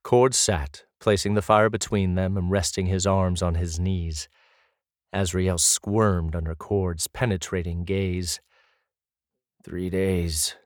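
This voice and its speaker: A male narrator with a very deep voice reads a fantasy story at an unhurried pace. His delivery is even and measured. The recording is dry and close. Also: no room sound. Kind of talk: audiobook narration.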